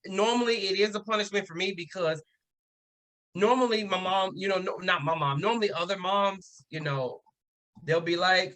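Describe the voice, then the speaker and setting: A man's voice: high voice, normal speed, sharp tone. A man guesting on a podcast, telling a story in casual chat and acting out the people he quotes.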